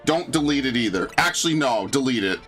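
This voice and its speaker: Brief: young New guy streaming games, fed up and swearing, mid-pitched bright voice. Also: expressive, brisk, faint music behind. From New York. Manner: exasperated, profane ranting. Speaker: game streamer. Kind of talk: live game stream commentary.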